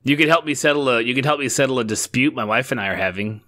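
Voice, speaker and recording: A man with a bright, forceful voice co-hosts a podcast, chatting in a loose, rambling way. He swears freely and gets animated when he tells a story. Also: medium pitch, fast. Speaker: podcast co-host. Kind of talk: casual chat.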